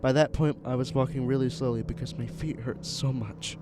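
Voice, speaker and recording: A man narrating a first-person horror story in an earnest, halting way, with small restarts. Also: medium pitch, steady tone, background noise. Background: music.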